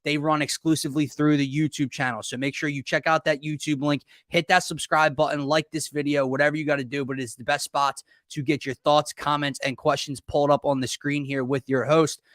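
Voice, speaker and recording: A man co-hosting a live sports talk show, upbeat, hyping the big game with drawn-out emphasis. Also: fairly high pitch, level tone, a bit bright, no room sound, clean studio sound. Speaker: co-host of a sports podcast.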